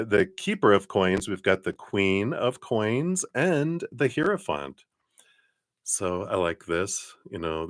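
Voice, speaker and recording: A man giving a live tarot card reading in a relaxed, chatty way, often laughing. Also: sits low, no room sound, studio quality.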